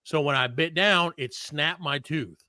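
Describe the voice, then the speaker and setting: A man's voice: fairly high pitch, measured pace, dry recording, studio quality. A man, a comedy podcast host, telling a story in casual chat and acting out the other people in it. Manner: animated, acts out the other people in his story.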